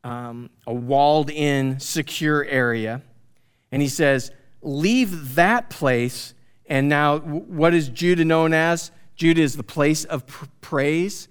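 A fairly high-voiced man gives a conversational Bible teaching. He explains the passage with animated asides and questions to his listeners. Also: clean tone.

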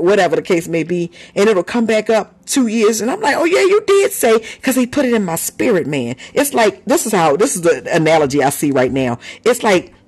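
A woman preaching with a lively, swooping voice that carries a slight huskiness. She talks to her congregation in a casual, animated way, laughing and calling out praise. Soft music plays underneath. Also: fairly low pitch, slightly rough. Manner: animated and conversational, with laughs and sudden shouts of praise. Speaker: apostle and preacher. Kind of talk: sermon.

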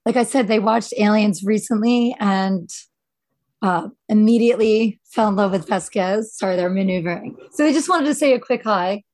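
A woman's voice: mid-range voice, normal speed, darkish tone, no room sound. Easygoing woman podcast host. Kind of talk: casual interview chat.

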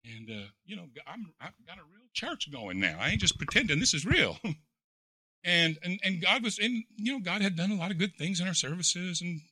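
A pastor preaching with a sharp, very bright voice pitched a little high, telling his story in a folksy, rambling way. He repeats words and leans on fillers, dropping low and quiet when reflective, then swelling loud and excited. The sound is dry and close. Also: normal speed, no echo. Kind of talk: sermon.

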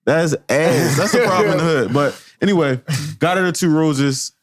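Young man bantering, slightly high voice. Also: moderate pace, no echo. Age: young adult. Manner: joking, defensive banter. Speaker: podcast co-host. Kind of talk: casual chat.

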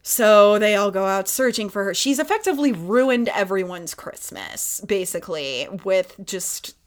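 Animated, swearing woman podcast host. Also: medium pitch, moderate pace. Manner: animated storyteller, acts out characters, swears freely. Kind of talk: casual recap chat.

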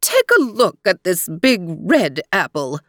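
A woman voicing an evil queen disguised as a squeaky old woman, who talks in a falsely sweet, wheedling way. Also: very animated, a little slow, no room sound, studio quality.

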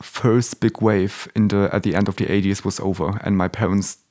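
Man, low voice, young adult, interview guest, halting and searching for words. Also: flat delivery, darkish tone. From Germany. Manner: hesitant, searching for words, many restarts. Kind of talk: casual interview conversation.

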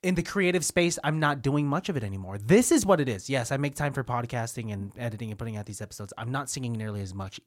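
A man's voice: medium pitch, lively intonation, quick pace, hardly any pauses. Sex: man. Role: podcast host. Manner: candid, self-deprecating. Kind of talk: casual chat.

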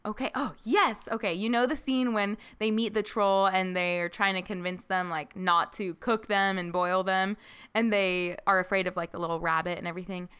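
A woman's voice: medium pitch, steady tone, moderate pace, fairly bright tone, clean tone. A woman hosting a podcast, chatting casually and enthusiastically about a book with friends. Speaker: podcast host. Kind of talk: casual book club chat.

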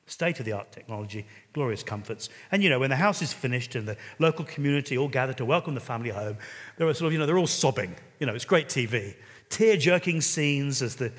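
A man preaching a sermon in an animated way, telling stories and rising suddenly into loud exclamations. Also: mid-range voice. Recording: long reverb of a large hall.

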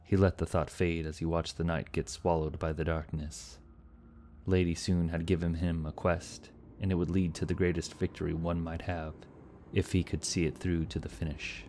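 Deep guy reading a fantasy story, steady and even, low voice. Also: normal speed, a little hiss or hum. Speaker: narrator. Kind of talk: scripted fantasy story narration.

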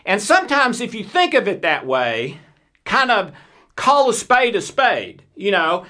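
Slow, bright-voiced man teaching earnestly. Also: high-pitched, sing-song. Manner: earnest, asks rhetorical questions. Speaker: Christian teacher. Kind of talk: faith-based teaching talk.

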